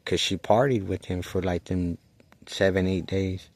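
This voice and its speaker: A man with a very low, deep voice tells a personal story in a loose, casual way. He rambles, restarts his sentences and swears freely. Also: fairly even intonation, a little slow, no room sound.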